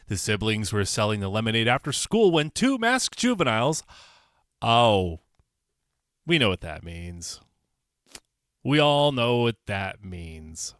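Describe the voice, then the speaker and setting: A man's voice: medium pitch, no room sound, studio quality. A man from Connecticut hosting a casual solo podcast, talking bluntly with plenty of swearing and repetition. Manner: blunt, animated, swears and repeats himself. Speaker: podcast host.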